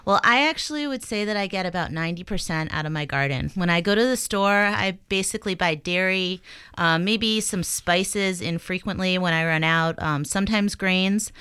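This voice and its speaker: A woman with a slightly low, very clear voice is interviewed in a radio studio about gardening. She talks thoughtfully, pausing with ums and restarting sentences. The recording is dry and close. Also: bright, forceful tone, dry recording. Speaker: guest gardening educator. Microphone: studio microphone.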